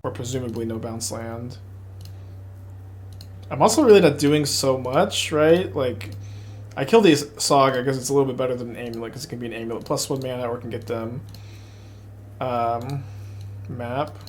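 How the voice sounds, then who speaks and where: A man with a Texas accent streaming an online card game, thinking aloud in rambling, excitable casual commentary into a desk mic. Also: mid-range voice, moderate pace, pauses often, slight background noise.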